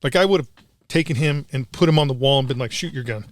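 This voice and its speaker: A man's voice: mid-range voice, quick pace, dry recording. A middle-aged man, a combat veteran guest, telling a war story in blunt, profane casual talk.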